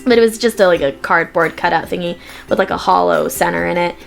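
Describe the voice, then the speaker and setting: A young woman vlogger chatting casually to camera, telling stories and quoting people in lively voices. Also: lowish voice, quick pace, gravelly, faint music behind.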